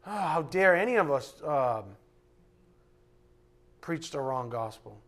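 A man preaching a sermon in a church, his voice sitting a little high for a man. He delivers it with fiery emphasis and pointed rhetorical questions. He sounds like a pastor pressing hard on his congregation. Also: lively intonation, slow pace, long pauses. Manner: fiery, emphatic preaching, shifting to a quiet hushed prayer.

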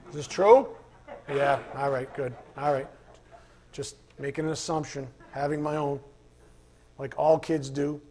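A man pastor preaching in a loose, conversational way, full of fillers and asides. His voice sits a bit higher than most men's, and he breaks off into heated, animated rants. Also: measured pace, pauses often, slight background noise. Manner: rambling, informal, flares into animated rants. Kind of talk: conversational sermon.

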